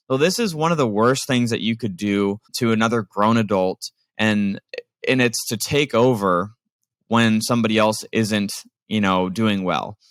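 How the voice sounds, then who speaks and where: A man's voice: lowish voice, fairly bright tone, no room sound. A man, a business owner, explaining delegation in a conversational, emphatic way with many fillers. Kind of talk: casual instructional talk.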